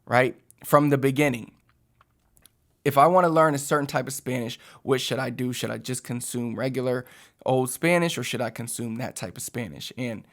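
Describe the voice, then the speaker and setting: A young man teaching Spanish online in a casual lesson, rambling a little as he repeats and restarts phrases while speaking straight to his viewers. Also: medium pitch. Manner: conversational, addresses viewers directly. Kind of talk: casual talking-head lesson.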